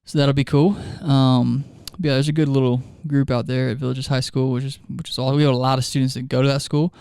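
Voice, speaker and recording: A youth ministry leader chatting casually on a podcast, telling stories and laughing often mid-sentence. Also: male voice, medium pitch, little pitch movement, fast, vocal fry, darkish tone, clear, resonant tone, no echo, clean studio sound.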